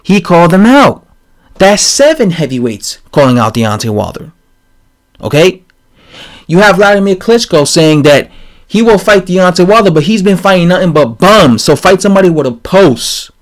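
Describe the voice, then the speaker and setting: A man giving a casual, rambling opinion rant on his channel, animated and full of fillers and restarts. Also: high-pitched, normal speed. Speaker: boxing commentator vlogger.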